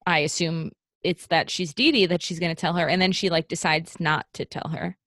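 A woman's voice: lowish voice, steady tone, brisk, a bit bright, dry recording, clean studio sound. A woman co-hosting a casual podcast, recapping a film with dramatic character quotes and strong opinions. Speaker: podcast co-host.

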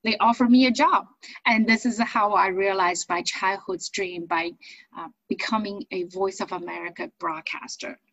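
A middle-aged woman from China, a native Chinese speaker and business owner, telling her life story in a chatty, animated interview. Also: medium pitch, moderate pace, no room sound, highs cut off. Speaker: business owner and accent coach.

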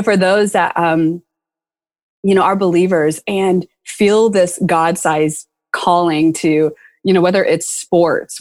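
A woman's voice: lowish voice, darkish tone. A woman hosting a faith podcast, talking casually and emotionally with many fillers. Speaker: podcast host.

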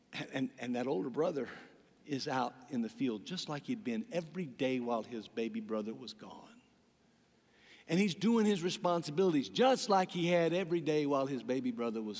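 Male pastor preaching in a reverberant hall. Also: medium pitch. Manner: dramatic storytelling, acts out quoted voices. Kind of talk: sermon.

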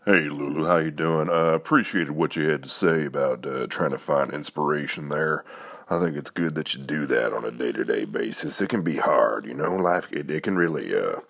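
A man's voice: extremely low pitch, moderate pace, creaky, a bit bright, exaggerated voice. A man putting on a drawling southern caller. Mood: friendly. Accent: American Southern.

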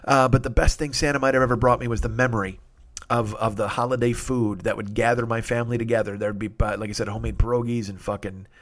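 Brief: middle-aged male host, mid-pitched, swears constantly, excitable and rambling. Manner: profane, excitable storyteller. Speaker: podcast host. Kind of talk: rambling comic monologue.

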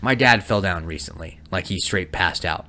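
A young adult man co-hosting a podcast, telling crude stories loudly and breaking into yelled impressions. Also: sits low, moderate pace, slight background noise. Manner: loud, animated storytelling with yelled impressions. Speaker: podcast co-host. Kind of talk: casual crude chat.

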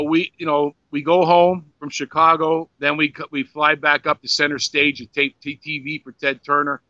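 A man's voice: fairly high pitch, pushed and bright, no room sound. An older man, a former pro wrestler, telling rambling, profane stories in a casual interview, full of "you know"s and restarts. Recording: dry, slightly dull lo-fi sound.

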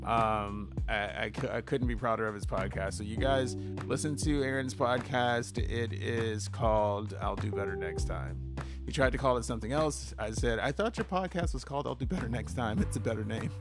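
A man's voice: mid-range voice, normal speed, over music. A man hosting a solo podcast. He talks bluntly, swears freely, and rambles with restarts and fillers. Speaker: podcast host.

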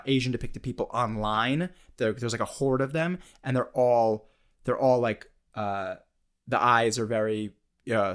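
A young adult man on a casual podcast, weighing his words and often restarting his sentences. He makes his case in a measured way, and his voice sits at a mid pitch. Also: a bit bright. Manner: measured, hesitant, many restarts. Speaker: podcast co-host. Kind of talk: casual debate chat.

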